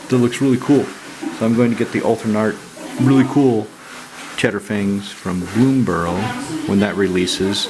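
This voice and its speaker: A man with a low, gravelly voice rambles and thinks aloud in a casual home chat, dropping the odd swear word. Running water can be heard clearly behind him. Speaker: channel host opening card mail. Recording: noisy room with running water.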